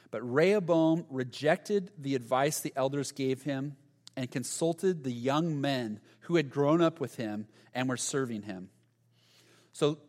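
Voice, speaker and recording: A man delivers a sermon in an animated storytelling manner, slipping into the voices of the people he quotes. His voice sits a little high, and a long reverb trails after his words in a large hall. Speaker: pastor.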